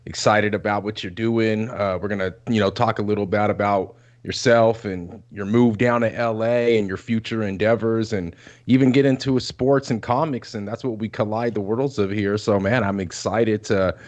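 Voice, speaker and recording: A man's voice: on the low side, steady tone, normal speed. A man co-hosting a podcast, welcoming a guest in a friendly, somewhat rambling way. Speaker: podcast co-host. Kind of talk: casual podcast chat.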